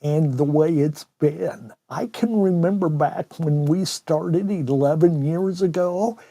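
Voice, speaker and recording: A male podcast host asking slow, reflective questions in a conversational interview. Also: on the high side, mellow, no room sound.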